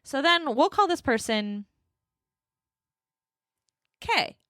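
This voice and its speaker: A woman hosting a solo podcast, telling a story in an animated, profane and self-mocking way into a close mic. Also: sits high, very slow, dry recording. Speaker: podcast host.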